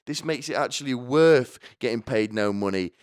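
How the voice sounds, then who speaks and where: A man's voice: mid-range voice, moderate pace, smooth, dry recording, clean studio sound, voice pushed up, close to an everyday voice. A man doing a squealing spiteful schoolteacher. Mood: gleeful. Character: gleeful spiteful schoolteacher, overjoyed by cruelty.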